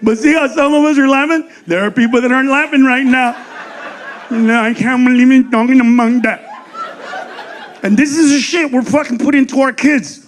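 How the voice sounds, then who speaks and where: A man doing a stand-up comedy set on stage, loud and crude, shouting his punchlines into a handheld mic. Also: very high voice, normal speed, a little hiss or hum. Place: comedy stage before a live audience.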